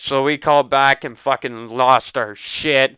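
A man from Canada tells a long profane story in a casual podcast, voice very smooth and clear though thin and phone-like. He acts out every person he quotes in an animated way. The sound is dry, with no room around it. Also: medium pitch, moderate pace, dry recording. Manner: animated, swears constantly, acts out quoted people. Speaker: podcast co-host. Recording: tinny phone-like audio.

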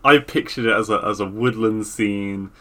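A man's voice: fairly low pitch, moderate pace, sharp tone. A man co-hosting a podcast in casual chat, loose and sweary, trailing off mid-thought. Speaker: podcast co-host.

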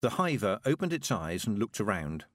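A man narrating an audiobook with expressive storytelling. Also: fairly low pitch, normal speed, no echo, studio quality. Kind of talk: scripted narration.

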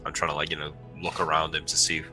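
A man's voice: rumbling low, completely flat delivery, quick pace, sharp tone, faint music behind. A man playing in a tabletop role-playing game, talking hesitantly and casually about his character's actions. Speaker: player.

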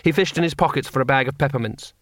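A man narrating an audiobook with expressive storytelling. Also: mid-range voice, fast talker, dry recording, clean studio sound. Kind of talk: scripted narration.

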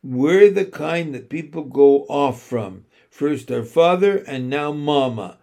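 A thoughtful young boy who keeps asking earnest questions, played by a man reading a storybook. The delivery is unhurried and sits a bit high. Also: lively intonation, vocal fry, dark tone, exaggerated voice.

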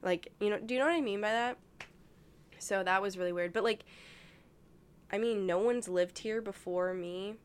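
A woman's voice: mid-range voice, moderate pace, long pauses, clear, resonant tone. A young woman chatting casually as a podcast co-host, rambling through a dream story with lots of "like". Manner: rambling, heavy use of "like". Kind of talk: casual chat, telling a dream.

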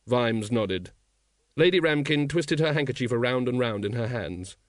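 A man narrating an audiobook in a wry, measured manner. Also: medium pitch, lively intonation, dry recording, studio quality. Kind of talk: scripted narration.

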